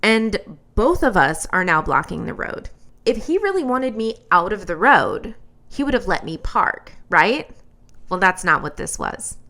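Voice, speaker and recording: A woman host telling a personal story as commentary, in an animated, blunt and exasperated way. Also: mid-range voice, a little slow.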